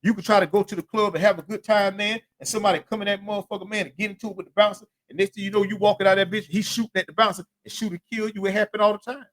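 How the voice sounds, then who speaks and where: A man's voice: high-pitched, level tone, very fast, few pauses, a bit bright. A man hosting his own show, telling his life story in a casual, profane, streetwise monologue. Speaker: podcast host.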